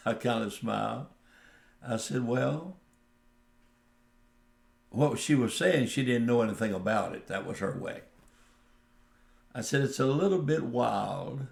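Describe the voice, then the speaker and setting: Gravelly male radio preacher, unhurried anecdotal delivery in a roomy space. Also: mid-range voice. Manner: slow, folksy anecdotal telling with quoted dialogue. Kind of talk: radio sermon storytelling.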